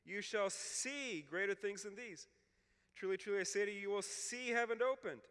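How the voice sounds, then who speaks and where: A man's voice: high-pitched, normal speed, a bit bright, clear, resonant tone, long reverb tail. A man giving a teaching talk to clergy, explaining scripture, reading passages aloud and checking in with "okay?". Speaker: Bible scholar speaking at a clergy retreat.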